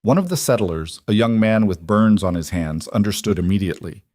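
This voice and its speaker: A man reads a dramatic fantasy story as scripted narration, steady and measured. His voice sits on the low side and the recording is close and dry, with no room echo.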